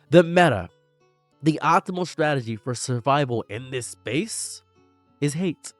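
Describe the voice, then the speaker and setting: A man delivering a sarcastic, theatrical commentary rant, swinging between hushed mockery and shouting. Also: a little high, animated, a little slow, no echo, faint music behind. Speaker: commentary YouTuber. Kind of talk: ranting commentary monologue.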